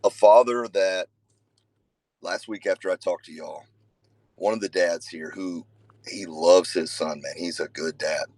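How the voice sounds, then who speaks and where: A low-voiced man tells stories in a casual, earnest way, filling gaps with conversational words. He breaks into sudden emphatic loud bursts. The sound is dry, with no room echo. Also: measured pace. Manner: conversational, with frequent fillers. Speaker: father and youth wrestling coach. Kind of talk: casual talk to a group.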